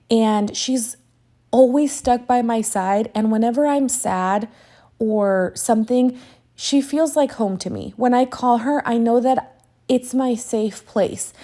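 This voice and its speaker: Brief: woman in her thirties, vlogging a craft how-to, slightly high mellow voice, gushy and emotional, swears freely. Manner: gushing and effusive, swears casually; sentimental and emotional. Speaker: crafting tutorial host. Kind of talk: casual chatty tutorial talk.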